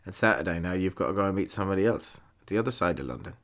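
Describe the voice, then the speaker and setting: A man with a fairly low voice hosts his own podcast alone, talking straight into a podcast mic. He rambles loosely from one thought to the next, swears in nearly every sentence and laughs easily as he goes. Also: lively intonation, racing, a bit bright. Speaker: podcast host. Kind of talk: casual solo podcast monologue. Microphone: podcast microphone.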